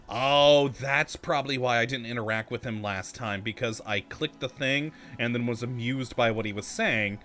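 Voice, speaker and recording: A man's voice: mid-range voice, fairly bright tone. A man hosting a let's-play video, chatting casually to himself and laughing often as he plays. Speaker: gaming channel host.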